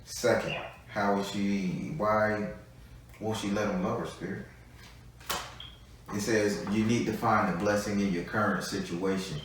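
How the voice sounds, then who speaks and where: A man's voice: lowish voice, steady tone, measured pace, slight background noise. A man giving a live tarot reading, talking bluntly and freely, with a good deal of swearing. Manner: blunt, profane, chatty. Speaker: tarot reader. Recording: echoey room, voice from a distance.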